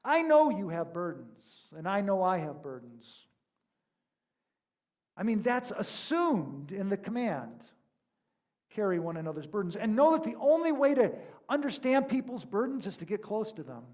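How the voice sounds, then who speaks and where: Man, pastor, sermon, high pitch, conversational, storytelling, emphatic. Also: sing-song, moderate pace, a little mellow.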